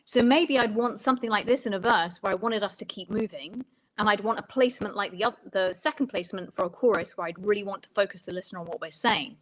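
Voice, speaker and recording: A woman's voice: mid-range voice, slight background noise, rough recording. Woman songwriting coach, talking through ideas step by step, reflective and explanatory. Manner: thoughtful, explanatory, pauses to rephrase.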